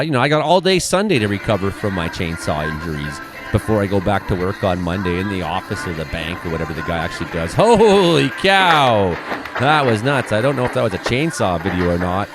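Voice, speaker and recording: A Canadian man giving casual, sarcastic running commentary on videos, often laughing as he reacts. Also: fairly low pitch.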